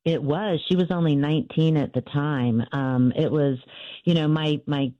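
A woman's voice: sits low, fairly even intonation, normal speed, no echo, highs cut off. A woman author telling her family's story in an interview, earnest and full of fillers and restarts.

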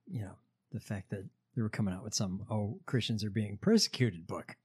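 A man hosting a podcast in casual chat, halting and wry. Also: on the low side, very animated, a little mellow, slightly rough. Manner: halting, many fillers, wry. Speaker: podcast host.

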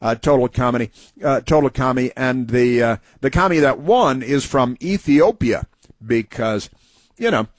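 Rambling talk-radio host, dry sound. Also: male voice, mid-range voice, lively intonation, a little slow, dry recording. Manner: rambling, folksy, with many restarts and fillers. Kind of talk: casual monologue.

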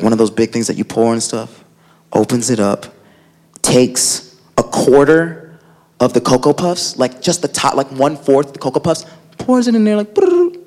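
A man doing stand-up comedy, telling an animated story and acting out his family's voices, recorded live in a club. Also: medium pitch. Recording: live club with audience laughter and noise. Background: audience laughing.

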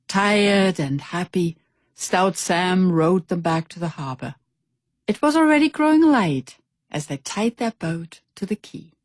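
A woman reading a children's storybook aloud with expressive, animated delivery. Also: fairly low pitch, slightly rough, no room sound, studio quality. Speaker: narrator.

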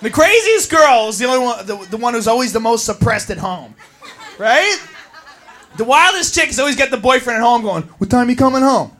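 A male stand-up comedian rants crude and profane at the crowd. His voice is very high and bright. He keeps it lively and often shouts. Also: a little fast, slight background noise. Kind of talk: stand-up set.

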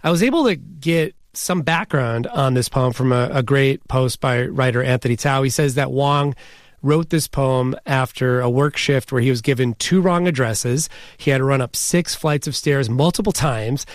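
A male news host interviewing a guest in a measured, conversational way. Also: medium pitch, no echo, clean studio sound.

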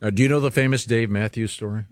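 A man's voice: medium pitch, fast, dry recording, studio quality. A man co-hosting a morning radio show, playful and teasing, often laughing into his lines.

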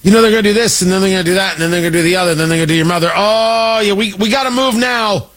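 A man's voice: sits high, racing. A man voicing a panicking man with a Boston accent, frantically telling his wife to pack the car. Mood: panicky. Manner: frantic, rising to a shout. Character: panicking adult man fleeing the city.

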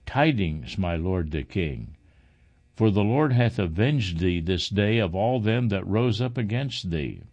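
A man's voice: lowish voice, lively intonation, a little slow, darkish tone, highs cut off. A man reading the part of a formal messenger delivering grim news. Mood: solemn.

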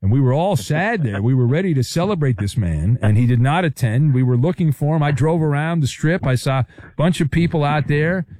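A man's voice: fairly high pitch, animated, brisk, hardly any pauses, mellow, no echo, clean studio sound. A man hosting a talk radio show, teasing his callers in playful banter. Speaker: radio host.

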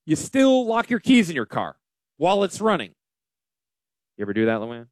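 A man hosting a casual financial radio show, talking in an animated, joking and self-deprecating way. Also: a little high, normal speed, no echo, studio quality. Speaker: financial advisor and radio host.

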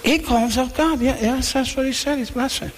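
Gossiping, scandalized scribes, hushed and high as a preacher does them, reverberant hall. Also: male voice, moderate pace. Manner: hushed, conspiratorial. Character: gossiping, scandalized religious men.

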